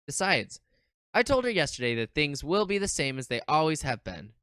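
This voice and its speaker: A streamer reads a visual novel's text aloud and reacts in an animated, casual way, swearing now and then. The voice is bright and crisp, with a dry, close sound. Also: mid-range voice, normal speed, no room sound. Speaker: streamer playing a game. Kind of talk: casual let's-play commentary and reading.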